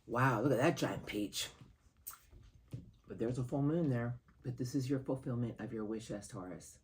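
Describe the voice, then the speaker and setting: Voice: medium pitch, normal speed. A tarot card reader giving a monthly horoscope reading in an earnest, heartfelt, rambling way.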